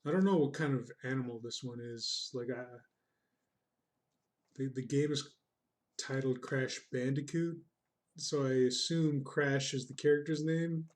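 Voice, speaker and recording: A man's voice: mid-range voice, fairly even intonation, a little slow. A man streaming his drawing, chatting casually, reading out chat comments in a rambling, self-deprecating, goofy way.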